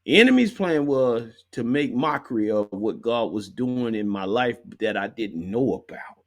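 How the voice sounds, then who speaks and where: Lively slangy podcast host, man. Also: mid-range voice, moderate pace. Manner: emphatic, slangy, lots of bruh. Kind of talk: casual chat.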